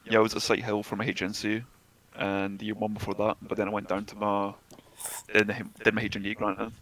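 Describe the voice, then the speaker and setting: A young Scottish man tells blunt, sweary stories in quick-fire casual chat. His voice sits fairly low and the words tumble out fast. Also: monotone, a bit bright, rough recording. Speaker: tabletop game player.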